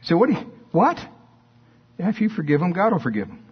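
A man preaching a sermon, swinging between high emphatic bursts and low, quiet asides. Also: huge pitch swings, a little fast, breathy edge. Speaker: pastor. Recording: dull lo-fi sermon recording.

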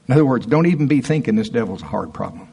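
Husky-voiced man preaching a sermon. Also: mid-range voice, animated, very fast, dark tone. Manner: emphatic, conversational preaching with rising punches. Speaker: pastor.

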